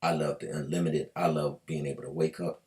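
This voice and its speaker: A man and trader with a very low voice explains trading in a loose, colloquial way, with mild swearing, often acting out buyers and sellers in quick quoted asides. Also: steady tone, a little mellow. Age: adult with a school-age daughter. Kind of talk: casual explainer video.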